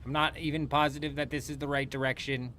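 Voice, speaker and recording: Bright-voiced male game streamer. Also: medium pitch, fast, a little hiss or hum. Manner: playful, trash-talking, animated outbursts. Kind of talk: live gameplay commentary.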